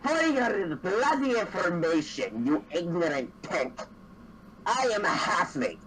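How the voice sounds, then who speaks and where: A man's voice: high-pitched, sing-song, slow, fairly bright tone, distant mic, a little hiss or hum, full character voice, poor audio. A man voicing a short, indignant halfling man with a huffy, offended way of talking.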